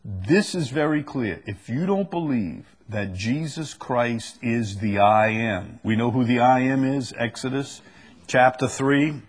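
A man's voice: medium pitch, measured pace. A man preaching a sermon and reading scripture aloud, earnest and rising to emphasis on the verses.

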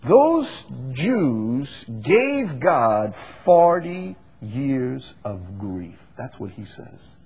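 A man with a husky voice preaches a Bible study. He builds to loud, emphatic repeated phrases and then settles into quiet, halting explanation. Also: mid-range voice, very animated.

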